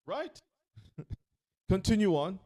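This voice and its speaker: A man's voice: sits high, slow pace. A man leading a scripture reading, stopping often to ask questions and act out the story. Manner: animated, questioning, acts out the story in voices. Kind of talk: interactive sermon.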